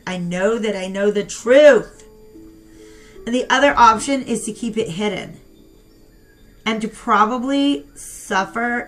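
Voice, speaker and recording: Chatty young woman giving a tarot reading. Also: mid-range voice. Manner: chatty and animated, talks to viewers as "you guys". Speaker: tarot reader. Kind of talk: casual spoken tarot reading.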